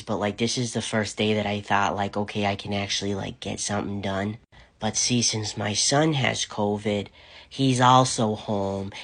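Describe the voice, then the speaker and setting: Animated woman telling funny family stories. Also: extremely low pitch. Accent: American. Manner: animated, laughing, mimics her son and herself. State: recovering from covid. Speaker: vlogger. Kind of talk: casual storytelling.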